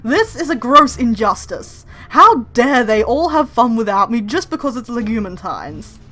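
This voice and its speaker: A woman's voice: on the high side, very animated, normal speed, sharp tone, soft background music, full character voice. A woman voicing a self-important male bird editor-in-chief from a game, complaining in an outraged, pompous tone. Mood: indignant.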